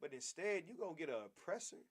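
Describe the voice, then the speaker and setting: Guy teaching a bible class, kinda high voice, preachy and repetitive, keeps saying man. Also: lively intonation, brisk, breathy edge. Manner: emphatic, repetitive, calls listeners "man".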